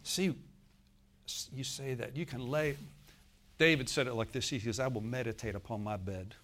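A male pastor delivers a folksy sermon straight to his congregation, swinging between loud, emphatic bursts and soft, murmured asides. His voice sits in the mid-range, and he keeps a moderate pace.

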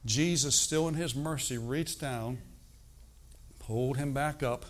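Preaching with a mid-range voice, this older man is lively and forceful, alternating sudden loud bursts with quiet, deliberate moments.

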